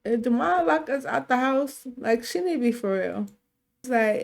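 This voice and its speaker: Chatty gravelly woman narrating gameplay. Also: on the high side, normal speed. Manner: chatty, voices sim dialogue in quotes. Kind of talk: casual let's-play storytelling.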